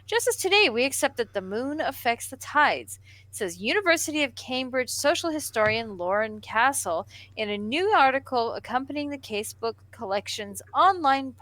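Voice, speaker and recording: A woman's voice: fairly high pitch, fairly bright tone, no echo. A woman co-hosting a casual comedy news show, joking and reading an article aloud. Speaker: podcast co-host.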